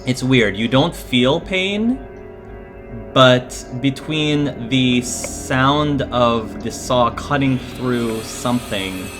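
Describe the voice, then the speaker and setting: A man narrating a horror scene as game master, slow and hesitant, with frequent fillers. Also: medium pitch, fairly bright tone, faint music behind.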